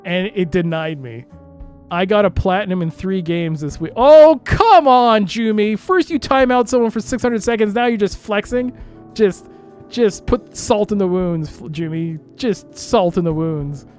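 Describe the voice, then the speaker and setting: A streamer giving live gameplay commentary, exasperated, shouting and laughing at the game. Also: mid-range voice, normal speed, faint music behind.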